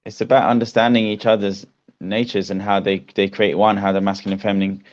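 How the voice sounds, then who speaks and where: A man guest in a casual podcast conversation, reflecting on his past in a halting way with frequent restarts. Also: fairly low pitch, level tone, lo-fi sound.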